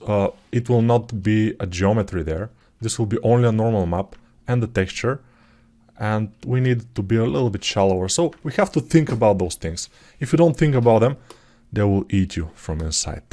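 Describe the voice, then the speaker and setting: A 3D artist tutor with a lowish voice narrates his sculpting process live, casually thinking out loud and making self-deprecating remarks. Keyboard typing sounds behind him.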